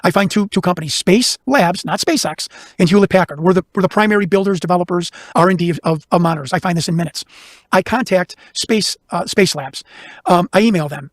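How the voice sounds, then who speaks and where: High-voiced guy rattling off a story super fast, dry close sound. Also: no echo. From Chicago. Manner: fast, animated, talks over himself with restarts. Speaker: guest investigator. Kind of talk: casual storytelling interview.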